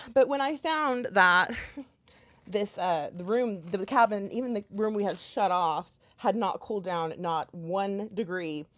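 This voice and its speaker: A woman's voice: medium pitch, unhurried, fairly bright tone. A young woman chatting casually into her camera, telling a long story with many fillers and restarts. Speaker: YouTuber. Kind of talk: casual storytelling while doing makeup.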